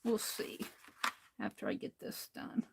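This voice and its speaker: Slow, chatty woman crafting at home. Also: noisy background. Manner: chatty, rambling, talking to herself while working. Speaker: art livestreamer. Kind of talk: casual crafting livestream.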